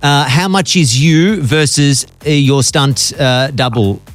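A man's voice: mid-range voice, slow, soft background music. A man with an Australian accent hosting a radio interview, upbeat and chatty, joking with his guest. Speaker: radio show host.

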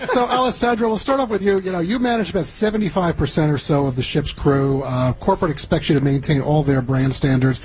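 A man's voice: a little high, fast, few pauses, a little hiss or hum, rough recording. A man hosting a travel radio show live, talking in an upbeat announcer manner. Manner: energetic, announcer-like.

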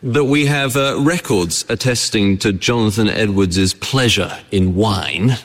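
A man's voice: fairly low pitch, unhurried. Man preaching in a reverberant church. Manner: conversational, asks the congregation rhetorical questions. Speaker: pastor. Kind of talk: sermon.

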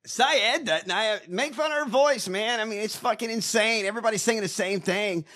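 A man's voice: sits high, moderate pace, bright, forceful tone. A man co-hosting a casual political chat, blunt and profane, mocking politicians. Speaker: podcast co-host.

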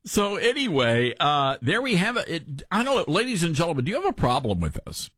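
A man's voice: fairly high pitch, huge pitch swings, fairly quick, a bit bright, breathy edge, dry recording, clean studio sound. A man from Tennessee with a mild Southern accent, hosting a talk radio show in a folksy, opinionated way.

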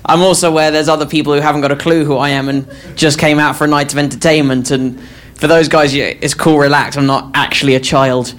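A man's voice: on the high side, little pitch movement, quick pace, fairly bright tone. A man in his twenties opening a stand-up set, chatty and self-deprecating with the crowd. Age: 20s. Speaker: stand-up comedian. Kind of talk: stand-up comedy opener. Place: comedy club stage. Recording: live club recording with noise.

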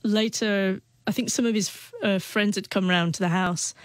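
A woman speaking as an interview guest, her words catching and repeating as she stutters through a heartfelt personal story. The voice sits at an ordinary middle pitch. It is recorded close and dry, with almost no room sound. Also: fairly even intonation, moderate pace, dry recording.

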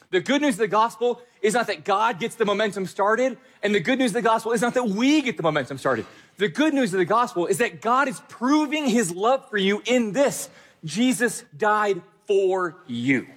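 A man pastor preaching a sermon with emphatic direct address and repeated phrases. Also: high voice.

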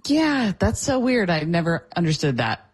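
A man's voice: sits high, very animated, moderate pace, husky. A young man as a radio show sidekick, giving playful, teasing short replies. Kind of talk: casual radio banter.

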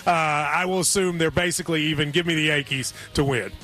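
A man's voice: a little high, pushed and bright. A man hosting a sports radio show, chatting casually and joking about betting picks. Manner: joking, offhand, quick asides.

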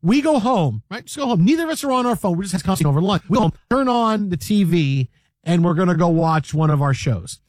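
A man hosting a casual sports talk show, animated and joking, often repeating words. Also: high voice, quick pace, no echo.

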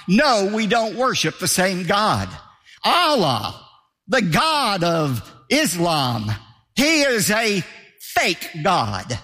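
A man's voice: high-pitched, huge pitch swings, slow, vocal fry, fairly bright tone, big-room sound. A man preaching a sermon as pastor, emphatic and driving his points home by repeating key phrases.

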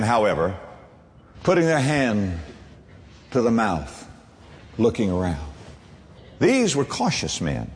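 A man preaching a sermon as pastor, emphatic, swinging between low and high. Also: long reverb tail.

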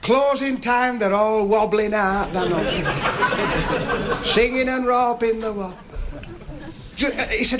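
A man's voice: high-pitched, slow, long pauses. A man with a Northern English accent telling rambling jokes on stage in broad dialect. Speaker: stand-up comedian. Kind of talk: stand-up joke telling. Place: live stage before an audience. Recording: noisy live recording with crowd. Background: audience laughter.

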